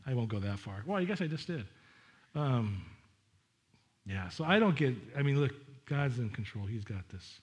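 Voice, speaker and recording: An animated middle-aged pastor preaches conversationally, addressing asides to the congregation. His medium-pitched voice is unhurried, with long pauses.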